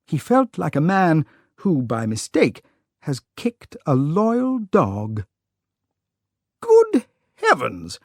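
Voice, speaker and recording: An audiobook narrator reading a classic story slowly and clearly for English learners, with an expressive delivery. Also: medium pitch, no echo, studio quality.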